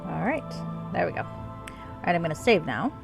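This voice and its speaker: A woman's voice: fairly low pitch, sing-song, normal speed, creaky, over loud music. A woman streamer casually talking through a game and reading its dialogue aloud. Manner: chatty, reads dialogue aloud, laughs easily.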